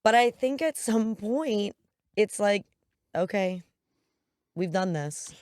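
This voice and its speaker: A woman co-hosting a movie podcast, chatting in a lively, animated way. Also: medium pitch, takes it slowly, dry recording, clean studio sound. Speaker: podcast co-host. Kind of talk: casual podcast chat.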